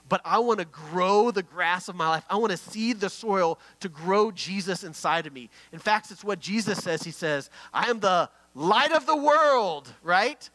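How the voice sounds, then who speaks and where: A middle-aged male pastor preaching an earnest, story-led sermon. His voice sits a little higher than most men's and rings bright and forceful. He often drops to a near hush for the tender parts. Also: no echo, poor audio.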